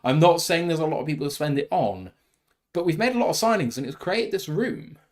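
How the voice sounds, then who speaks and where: A British podcast host from the United Kingdom, his voice a little high, expressive, and fairly quick, chats casually on a sports podcast. He gives information and reads out facts and figures.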